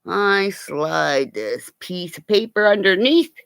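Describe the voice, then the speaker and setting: An older woman with grandchildren, telling funny home stories in a casual, animated way, laughing often and swearing now and then. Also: mid-range voice, slow pace, vocal fry, smooth. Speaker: vlogger. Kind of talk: casual storytelling.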